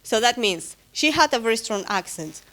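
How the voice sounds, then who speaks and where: A fairly high-pitched, animated and slightly bright voice belongs to an English-speaking woman giving the closing talk at an academic conference at a moderate pace. She's hesitant, leaning on fillers and self-corrections while keeping a light, humorous touch.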